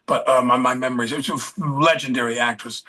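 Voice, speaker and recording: Bright, husky male storyteller. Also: mid-range voice, steady tone, fairly quick. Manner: rambling, searches for names mid-story. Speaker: podcast guest. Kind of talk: anecdotal interview storytelling.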